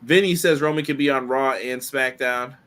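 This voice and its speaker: A man co-hosting a casual wrestling podcast on a podcast mic. He speaks in quick, animated bursts, with lots of fillers. His voice sits in a medium register. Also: medium pitch, slight background noise. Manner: fast, animated opinions with frequent fillers. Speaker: podcast co-host.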